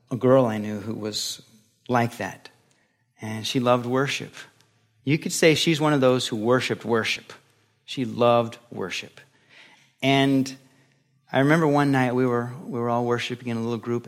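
A male pastor giving a sermon in a conversational style, acting out quoted voices as he goes. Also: medium pitch.

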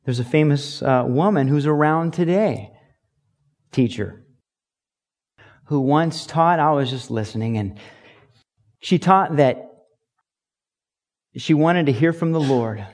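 A pastor giving a conversational sermon, repeating key phrases for emphasis. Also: male voice, a little high, takes it slowly, long pauses, a little mellow.

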